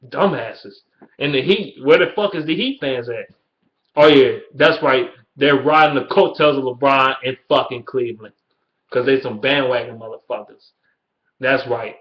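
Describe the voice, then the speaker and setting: A man's voice: medium pitch, pushed and bright. Ranting young man with a Detroit accent. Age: early 20s. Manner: blunt, heated, swears constantly. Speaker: YouTuber. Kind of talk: profane casual rant. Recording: dull lo-fi webcam audio.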